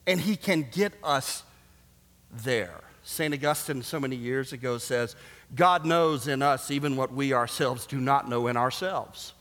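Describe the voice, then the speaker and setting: A male pastor delivers a sermon in a voice of ordinary pitch for a man. He drops to hushed, slow stretches, then rises loud and emphatic. The sound carries a long reverb from a large hall.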